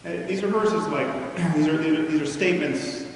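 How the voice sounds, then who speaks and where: A man's voice: on the high side, vocal fry, slight background noise. Man lecturing in an echoey hall. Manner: measured and argumentative, with frequent restarts. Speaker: public speaker. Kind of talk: lecture to an audience. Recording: echoey hall recorded from far off.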